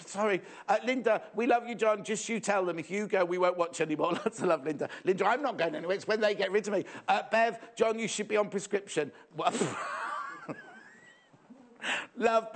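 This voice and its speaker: A man presenting a live shopping show in a playful, jokey, chatty way, reading out viewer messages. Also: high voice.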